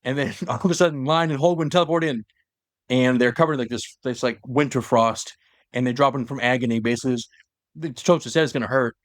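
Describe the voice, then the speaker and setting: A man's voice: mid-range voice, fast, dry recording, studio quality. A young man co-hosting a podcast, retelling a story in a loose, rambling way with asides. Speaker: podcast co-host. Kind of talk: casual chat retelling a story.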